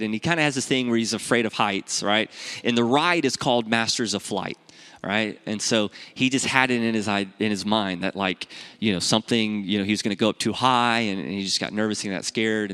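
A pastor telling a family story in a sermon, animated and conversational, his voice jumping up when he quotes himself. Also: brisk, clear, resonant tone. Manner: animated storytelling, rising in pitch when acting out dialogue.

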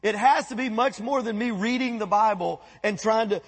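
A man preaching a sermon as pastor, animated, breaking into quoted voices and asides. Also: sits high, moderate pace, slightly rough, in a large hall. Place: church sanctuary.

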